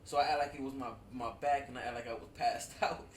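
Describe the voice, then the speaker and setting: A man's voice: mid-range voice, fast talker, distant mic, a little hiss or hum. Profane laughing man telling stories. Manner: animated, profane, laughs often, says "dude" a lot. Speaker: storyteller among friends. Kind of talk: casual chat. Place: at home with friends over wine. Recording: roomy, away from the mic.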